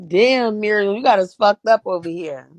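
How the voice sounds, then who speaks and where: A woman's voice: mid-range voice, normal speed, a little mellow, dry recording. A woman trading sassy, profane gossip commentary on a live stream, laughing often.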